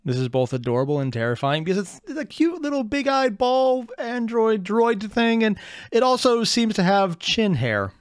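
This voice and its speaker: A man comments casually on a video with wry, rambling asides. His somewhat high voice swings widely. It is recorded dry and close. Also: sing-song, normal speed, clean tone, no echo. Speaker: reaction video host.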